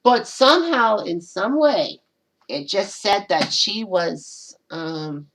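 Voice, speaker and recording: A woman hosting her channel delivers casual, meandering solo commentary and often repeats "and all that." Her medium-pitched voice is animated, slow and a bit bright, and the low-quality recording carries a little hiss or hum.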